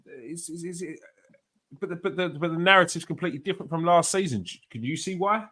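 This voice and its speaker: A man drives a football chat with pointed, argumentative questions. His voice is bright and forward, and it sits a little high for a man. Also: a little fast. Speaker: podcast host.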